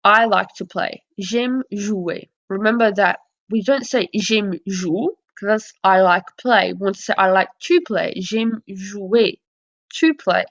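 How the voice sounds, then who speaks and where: A woman's voice: mid-range voice, moderate pace, gravelly, hardly any pauses, fairly bright tone. A woman teaching a lesson over slides, explaining patiently and modelling example phrases. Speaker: French teacher. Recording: dull lo-fi audio.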